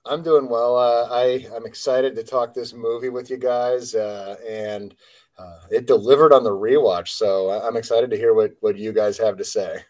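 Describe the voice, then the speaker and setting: A man co-hosting a podcast, speaking in a measured way with frequent restarts and fillers. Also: medium pitch, steady tone, a little mellow, rough recording. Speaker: podcast co-host. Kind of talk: casual podcast chat.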